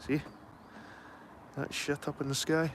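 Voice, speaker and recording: A man's voice: a little high, flat delivery, unhurried, a little hiss or hum. Man, middle-aged, casual live-stream vlogger, rambling and sweary, phone mic outdoors. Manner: rambling, sweary, matter-of-fact. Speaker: livestreaming vlogger. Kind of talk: casual chat to live viewers. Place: outdoors at a garden allotment.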